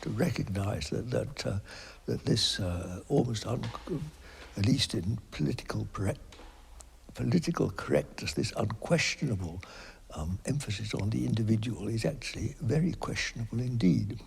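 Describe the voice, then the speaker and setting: Man, low gravelly voice, reflective interview, hesitant pauses, phrases fading to a near-whisper. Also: animated. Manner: slow and hesitant, trailing off into a breathy near-whisper; thoughtful, with many pauses and fillers.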